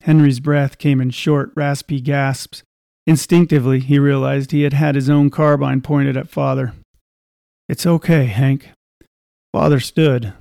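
Mellow-voiced man narrating a story. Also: medium pitch, level tone, moderate pace, gravelly, no echo, studio quality.

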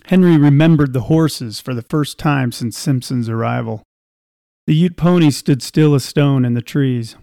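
A man reading a scripted story aloud in a measured, even way. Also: mid-range voice, vocal fry, dry recording, studio quality.

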